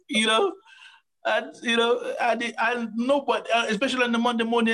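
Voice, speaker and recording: A man in casual motivational chat, animated, acting out quotes and laughing often. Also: very high voice, moderate pace, a crowd in the background, poor audio.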